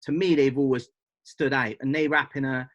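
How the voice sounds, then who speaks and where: A man in his fifties from Bristol, an interview guest who talks in an easygoing, thoughtful way with many pauses and "um"s. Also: medium pitch, fairly even intonation, fairly bright tone, dull audio. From Bristol, England. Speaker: interview guest, hip hop artist. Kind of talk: casual interview chat.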